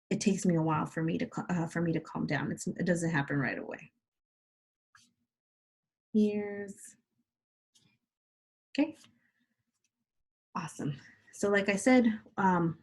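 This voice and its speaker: A woman teaching kindergarteners in a video lesson, speaking slowly and patiently as she walks them through each step. Her voice sits at a middle pitch with a husky, breathy grain. She keeps an encouraging tone. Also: a little mellow, rough recording. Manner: slow, patient, encouraging, spells out steps for small children.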